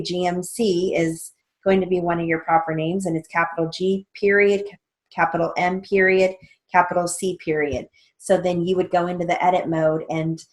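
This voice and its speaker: A middle-aged woman teaching steno theory, dictating sentences slowly and spelling out names letter by letter. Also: fairly low pitch. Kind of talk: slow dictation and explanation.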